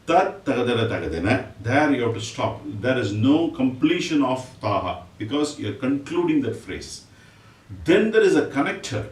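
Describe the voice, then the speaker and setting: A man teaching a music lesson, explaining patiently and reciting drum syllables in quick bursts. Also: medium pitch, very animated. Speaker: rhythm teacher. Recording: echoey room, mic at a distance, faint noise.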